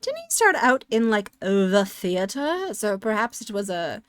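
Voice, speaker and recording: Woman streamer, casual chat, rambling, sarcastic, mid pitch, dry close sound. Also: big pitch swings, measured pace, smooth, no room sound. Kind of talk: casual live-stream chat while playing.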